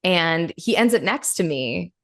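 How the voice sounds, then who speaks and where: A woman hosting a podcast, telling a story in a casual chat, lively, acting out the voices in it and swearing freely. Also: on the low side, unhurried. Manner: animated, acts out quoted voices, swears freely. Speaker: podcast host.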